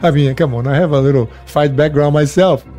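A man's voice: a little high, brisk, dark tone, faint music behind. A man being interviewed, recalling events in a blunt, matter-of-fact way. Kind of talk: casual recollection.

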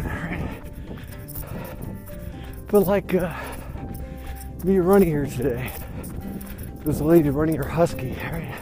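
This man's voice is a little high, and he takes it slowly with long pauses, heard over music. Hosting his own vlog outdoors while walking or running, he's slightly winded, rambling and upbeat in a casual motivational talk, repeating "you know what".

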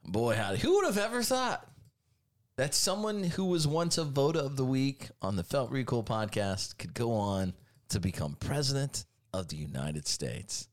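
A man's voice: mid-range voice, normal speed. A man hosting a podcast, talking in a sarcastic, jokey way and reading ads casually. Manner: sarcastic, jokey, animated delivery. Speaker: podcast host. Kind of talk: casual podcast banter with ad reads.

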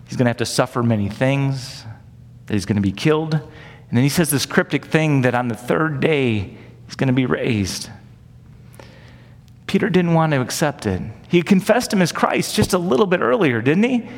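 A man's voice: medium pitch, long reverb tail. A man preaching a sermon in an earnest, conversational way, often asking rhetorical questions. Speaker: pastor. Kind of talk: sermon teaching.

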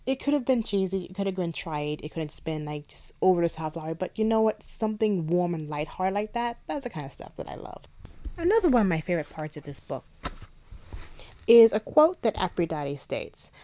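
A woman's voice: fairly low pitch, fairly quick. A woman hosting a book review podcast, chatting animatedly as she retells a favorite scene and reads ad copy. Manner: chatty, animated retelling with playful quoted asides. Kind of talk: casual book review with ad read and read-aloud passage.

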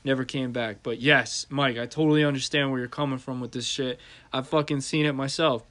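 A man's voice: mid-range voice, fairly even intonation, brisk, a bit bright. A man, hosting a podcast and telling a heated, profane story in casual talk. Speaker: podcast host.

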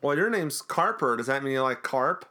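A man's voice: medium pitch, expressive, normal speed, sharp tone. A man co-hosting a podcast, recapping an episode in a chatty, jokey way. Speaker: podcast co-host. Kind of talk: casual recap chat.

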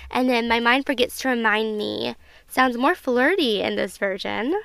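Gushing young woman, crisp dry close mic. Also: a little high, normal speed, a bit bright, no echo. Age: 20s. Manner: gushing, chatty, many fillers like "um" and "like". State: emotional, near tears at times. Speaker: podcast host. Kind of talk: casual solo review podcast.

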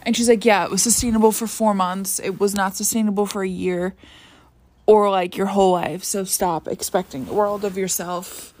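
A woman's voice: medium pitch, fairly even intonation, moderate pace, darkish tone. A young woman in her twenties talking casually about her life as a podcast host, tired and yawning, rambling with many fillers and restarts. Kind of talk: casual personal vlog talk.

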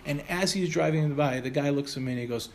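A middle-aged man tells a personal story with lively energy, slipping into the voices of the people he describes. His voice sits somewhat high for a man. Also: fast. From United States. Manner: animated, acts out the voices of the people in his stories. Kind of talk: anecdotal speech to an audience.

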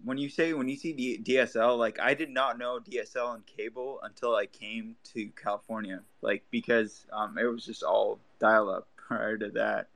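A man from Lebanon chatting casually, halting and full of fillers. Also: fairly low pitch, creaky, fairly bright tone, dry recording. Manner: halting, lots of fillers and restarts. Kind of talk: casual chat.

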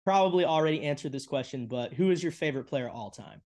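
Lively, teasing man co-hosting a podcast. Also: a little high, fast talker. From United States. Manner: teasing, swears freely. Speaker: podcast co-host. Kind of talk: casual podcast banter.

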